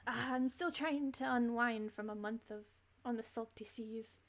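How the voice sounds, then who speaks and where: A weathered old fisherman back from the sea, hearty and friendly, talking in a rough sea-dog lilt, as a woman puts him on while reading a game's lines aloud. The voice sits a touch high for an old sailor. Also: steady tone, very slow, bright, forceful tone, exaggerated voice. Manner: improvised salty sea-dog accent. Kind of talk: reading game dialogue aloud on stream.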